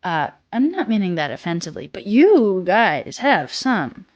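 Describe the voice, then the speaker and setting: Young woman, soft childlike voice, a bit under the weather, casual streamer banter. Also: medium pitch, big pitch swings, a little slow, highs cut off. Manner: reads chat aloud, swears casually, sings snatches. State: a little sick. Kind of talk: casual chat with live chat.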